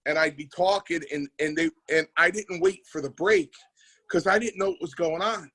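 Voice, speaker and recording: A man's voice: a little high, moderate pace, poor audio. A man telling wrestling stories in casual podcast chat, acting out the people he quotes. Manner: animated storyteller, acts out quotes. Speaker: wrestling promoter and former wrestler.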